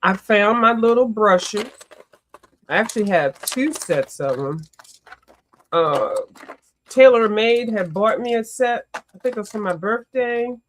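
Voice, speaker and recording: A woman chats through a coloring livestream, talking to her viewers as she works. Her voice sits mid-range, and she reacts to the artwork with lively exclamations. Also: medium pitch, unhurried, slight background noise. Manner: chatty and animated, greets viewers, often exclaims. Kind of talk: casual livestream chat.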